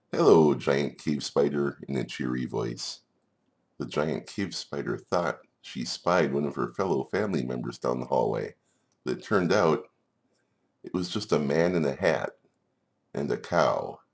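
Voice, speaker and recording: Very deep-voiced playful man narrating. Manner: playful, chuckling asides. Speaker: game video narrator. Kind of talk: storybook narration over gameplay.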